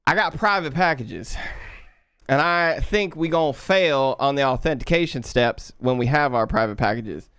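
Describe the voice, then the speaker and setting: A man's voice: mid-range voice, normal speed, clean tone, no room sound, clean studio sound, close to an everyday voice. A man putting on an exaggerated Southern redneck accent while live coding and talking to his chat. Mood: playful. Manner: loud, playful, drawling, talking to chat. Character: exaggerated Southern redneck coder, male, boastful and folksy. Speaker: livestreaming programmer.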